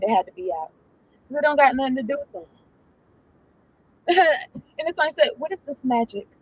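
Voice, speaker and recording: A woman's voice: a little high, breathy edge, rough recording. A woman doing a casual tarot reading, reading card text aloud and then riffing on it in a loose, profane, chatty way. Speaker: tarot reader.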